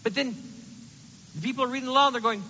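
A man preaching a sermon in an animated, conversational way, acting out the quotes he reads. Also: extremely high pitch, fast, long reverb tail, lo-fi sound, slight background noise.

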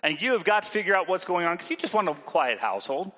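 A man's voice: high voice, sing-song, fast, sharp tone, big-room sound, muffled recording. A man preaching a sermon in a conversational way, often asking the congregation questions. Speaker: pastor.

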